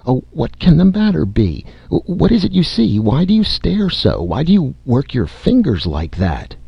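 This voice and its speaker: Frantic older aunt, a man doing the voice, pitched way up and begging, with a gravelly edge in a dry, dull recording. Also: animated, moderate pace, no echo, full character voice. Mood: frantic pleading. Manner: high-pitched, imploring, breathless. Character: distraught pleading elderly aunt, woman.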